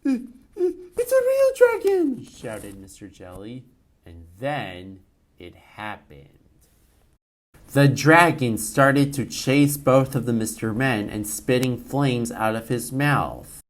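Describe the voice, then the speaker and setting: A man's voice: mid-range voice, slow. A man reading a homemade cartoon story aloud as narrator.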